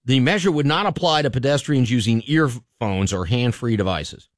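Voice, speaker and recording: A man hosting a radio talk show, talking in an opinionated, animated way with frequent restarts. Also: medium pitch, moderate pace, no room sound, clean studio sound. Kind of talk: casual radio chat.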